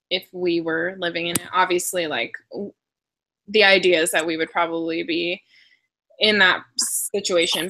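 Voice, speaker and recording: A woman's voice: fairly low pitch, pushed and bright. A woman hosting a casual book discussion over a video call, chatty and laughing often. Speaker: book club host.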